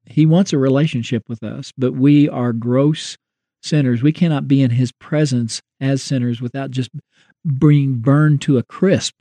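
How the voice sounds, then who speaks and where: A man's voice: medium pitch, fairly even intonation, unhurried, mellow, no room sound. A man co-hosting a Christian talk show, explaining theology in a thoughtful, conversational way. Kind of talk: Christian radio discussion.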